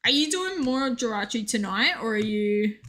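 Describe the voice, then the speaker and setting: Young woman game streamer, higher and bright, chatty and jokey, reacting to chat. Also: animated, moderate pace. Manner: chatty, reads chat aloud, joking asides. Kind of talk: casual live-stream chat.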